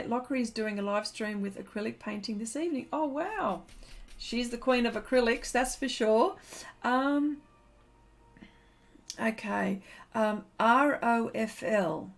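A woman's voice: a little high, a bit bright. A woman hosting a live painting stream, chatting casually and laughing as she reads comments aloud.

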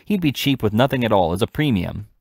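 A man voicing a callous, dismissive older gentleman on a workhouse board. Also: fairly low pitch, expressive, fast, vocal fry, dry recording, studio quality. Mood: scoffing. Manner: dismissive, scoffing.

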